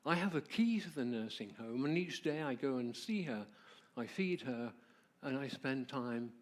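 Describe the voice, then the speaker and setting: A man giving the soft, halting words of a frail, devoted elderly German man while telling a story in a church talk. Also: mid-range voice, animated, natural voice.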